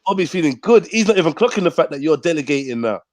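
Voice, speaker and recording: A man's voice: on the high side, fast, dry recording. A young man hosting a casual live chat show, telling stories animatedly and acting out what people said. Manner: animated, acts out quoted speech.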